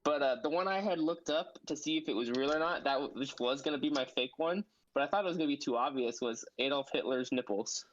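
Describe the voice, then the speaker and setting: A man's voice: mid-range voice, quick pace, hardly any pauses, lo-fi sound, a little hiss or hum. Podcast guy, kinda rambly, keeps restarting what he's saying. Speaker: podcast co-host. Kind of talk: casual chat.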